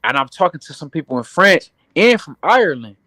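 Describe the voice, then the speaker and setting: A man's voice: fairly high pitch, sing-song, fairly quick, bright, forceful tone. A man in easygoing casual chat, slangy with "uh" fillers. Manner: laid-back slangy talk with fillers.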